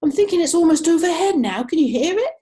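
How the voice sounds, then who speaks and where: A woman voicing a startled middle-aged husband who shouts in alarm at every sound he hears. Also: mid-range voice, measured pace, a little hiss or hum, lightly acted. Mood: alarmed shouting.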